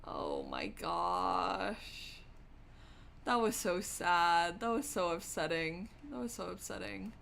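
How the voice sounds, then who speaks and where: A woman streamer reading a game's narration aloud and chatting expressively and excitably, swearing casually. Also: on the low side, slow pace, creaky, a little hiss or hum.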